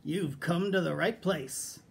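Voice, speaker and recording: A man voicing a hungry, greedy male fox in a slow, drawn-out, gloating storybook voice. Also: a little high, vocal fry, slight background noise.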